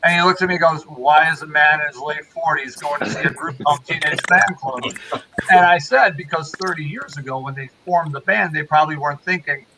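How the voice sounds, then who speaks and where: A man's voice: on the high side, fairly quick, crowd noise. A man in his forties telling stories in a casual chat, acting out the voices of the people he quotes. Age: 40s. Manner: animated storyteller, acts out quoted voices. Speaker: podcast host. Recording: noisy podcast audio.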